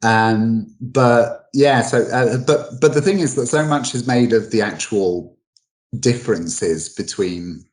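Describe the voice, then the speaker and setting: A man explaining at length in a casual chat, halting and full of restarts and fillers. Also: mid-range voice, rough recording. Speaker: guest expert on English dialects.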